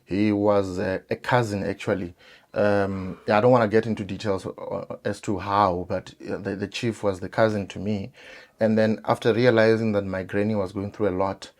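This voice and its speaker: A South African man talking casually to viewers, telling a childhood story with lively acted-out quotes and many fillers. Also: fairly low pitch, moderate pace. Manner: animated, acts out quoted voices, frequent fillers.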